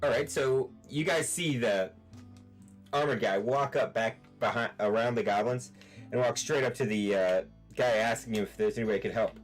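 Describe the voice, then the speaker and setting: A man's voice: medium pitch, moderate pace, soft background music. A man running a tabletop game over an online call, narrating loosely with many fillers. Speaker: game master.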